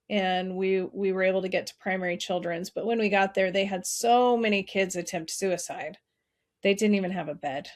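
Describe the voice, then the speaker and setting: A middle-aged woman speaks as a podcast guest, recounting a hard family story. She is earnest and heartfelt and often restarts her sentences. Her voice sits in an ordinary middle pitch. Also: creaky. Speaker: podcast guest, nonprofit founder. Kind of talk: emotional personal storytelling.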